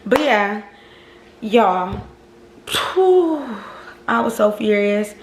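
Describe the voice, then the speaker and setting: Drawing out her words, a woman with a medium-pitched voice tells viewers a casual story, swearing freely and addressing them again and again as "y'all." She's animated, and the recording has roomy echo plus a little hiss or hum.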